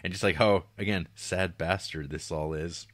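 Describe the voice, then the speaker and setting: Deep-voiced man retelling a film plot. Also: moderate pace, no echo, studio quality. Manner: rambling, animated retelling with acted-out quotes and laughs. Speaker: podcast co-host. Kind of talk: casual film review chat.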